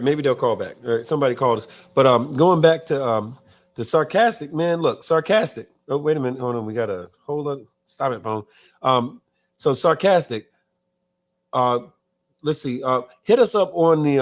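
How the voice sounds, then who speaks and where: A man hosting a live talk show in casual chat, reading viewer comments aloud and often stumbling and restarting his words. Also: medium pitch. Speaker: podcast host.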